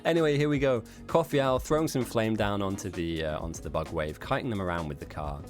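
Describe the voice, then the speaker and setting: A man with a lowish voice calls a live game stream in a chatty, rambling way. He jokes at his own expense and drifts into asides to his chat. Soft music plays faintly underneath. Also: animated, brisk. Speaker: tournament commentator and streamer. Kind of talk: live esports commentary.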